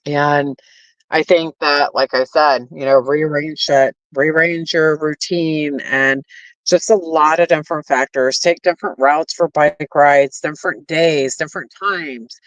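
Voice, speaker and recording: A woman's voice: low voice, fairly even intonation, unhurried, no room sound. A woman giving a casual opinion rant to her viewers, blunt and full of swearing and fillers. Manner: addresses viewers directly. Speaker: commentary streamer. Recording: dull lo-fi stream audio.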